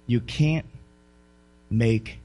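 A male pastor preaching a sermon, swinging between loud calls and low, quiet storytelling. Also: very slow.

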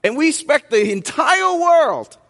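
A man's voice: very high voice, very animated, a little slow, gravelly, fairly bright tone, in a large hall. A middle-aged man preaching a sermon, asking the congregation questions and waiting for answers. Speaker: pastor.

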